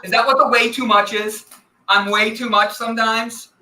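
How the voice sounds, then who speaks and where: A man's voice: very high-pitched, flat delivery, moderate pace, bright, forceful tone, a little hiss or hum. A man guesting on a live show, teasing the host and rambling through funny stories. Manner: playful, teasing, rambling storyteller. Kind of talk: joking live-show banter. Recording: roomy echo, distant from mic.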